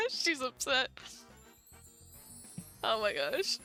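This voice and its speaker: Woman, high voice, bright tone, giggly, streamer reading a dating sim, music behind. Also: wildly swooping pitch, very slow. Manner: giggly, laughs often. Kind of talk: reading a dating sim aloud with live commentary.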